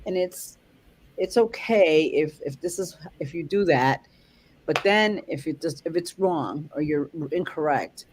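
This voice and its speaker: A dog trainer in casual conversation, speaking in halting, rambling phrases with frequent restarts. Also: mid-range voice, animated, slight background noise. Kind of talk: casual chat.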